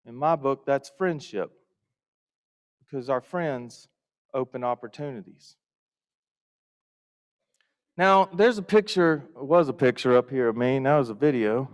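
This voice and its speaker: A man giving a folksy storytelling welcome speech to a conference audience. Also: medium pitch. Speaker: Rotary district leader. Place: conference hall. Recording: reverberant hall.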